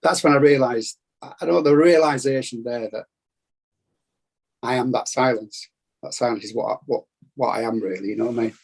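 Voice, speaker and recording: A man with a Bradford Yorkshire accent talks in an earnest, rambling, reflective way. His voice is gravelly with a husky edge at a middling pitch. He is heard over a video call. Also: fairly quick, long pauses, a little mellow. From England. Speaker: meeting participant. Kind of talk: casual sharing.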